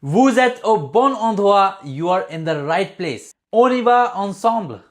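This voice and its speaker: A man teaching a beginner French lesson, repeating each phrase slowly and encouraging the listener to say it aloud. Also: sits high, animated.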